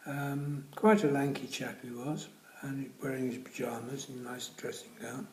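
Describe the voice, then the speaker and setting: A man's voice: mid-range voice, moderate pace, a little mellow, roomy sound, slight background noise, rough recording. A man telling comic anecdotes in a dry style, often dropping to a near-whisper. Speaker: comedian. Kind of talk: comic storytelling.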